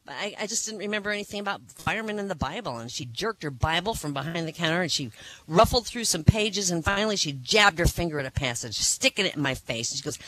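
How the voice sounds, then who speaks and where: A stand-up comedian hosts a small cafe comedy night, telling jokes to a live crowd at a fairly quick pace. He's animated and jumps into high voices for the characters in his jokes. The recording is rough.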